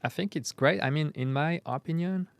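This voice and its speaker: A man with a Parisian French accent, a native French speaker, explaining as a guest in a casual chat, relaxed and a little hesitant. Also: fairly high pitch, normal speed, gravelly, clean tone, no echo. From Paris, France. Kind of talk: casual conversation.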